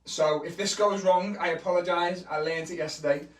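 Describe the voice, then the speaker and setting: A man's voice: high voice, steady tone, moderate pace. A man, a children's entertainer, teaching kids magic tricks in a bouncy, teasing live stream, filmed on a camera held by his wife. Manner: bouncy, exaggerated, playfully teasing the young audience. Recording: echoey room, voice from the camera's distance.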